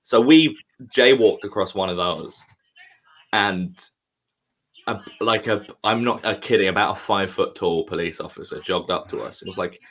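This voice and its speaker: A man's voice: deep voice, moderate pace, fairly bright tone. A man co-hosting a casual chat, telling a rambling, profane story with many fillers. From United Kingdom. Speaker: podcast co-host, comedian.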